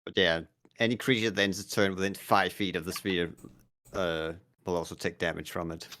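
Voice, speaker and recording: A man playing in a tabletop game, explaining his moves with many pauses and filler sounds. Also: low voice, little pitch movement, pushed and bright, a little hiss or hum. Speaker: player. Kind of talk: casual tabletop game talk.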